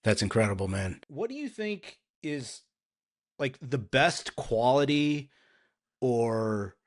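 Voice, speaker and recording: A male podcast host asks his guest questions in a measured, thoughtful way. He speaks slowly and takes his time with each question. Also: medium pitch, big pitch swings. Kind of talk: interview questions.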